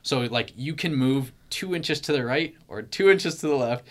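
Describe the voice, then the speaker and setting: A young man telling a story in casual chat, animated and full of "like" fillers, acting out his own panic. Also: medium pitch, moderate pace.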